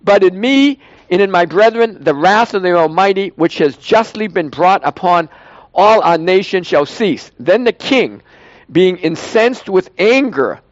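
High-voiced Boston man reading scripture. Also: expressive, a little slow, dry recording, dull audio. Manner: reads emphatically, then grows quiet and emotional. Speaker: lay preacher reading scripture.

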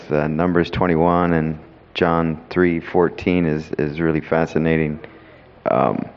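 A man thinks aloud in a Bible study discussion, thoughtful and hesitant, with frequent ums. His voice is very low. The sound is muffled and lo-fi, with a long hall echo. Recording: echoey hall, dull lo-fi sound.

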